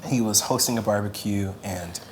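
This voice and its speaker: A man's voice: fairly low pitch, moderate pace, slight background noise. A man on a roundtable panel, earnestly recounting a personal story in candid conversation.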